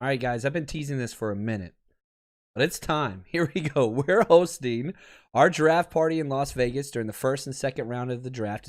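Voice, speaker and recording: A man hosting a sports podcast, ranting with big swings between outbursts and laughing asides. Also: mid-range voice. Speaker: podcast host. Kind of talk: fired-up sports podcast rant. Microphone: streaming podcast mic.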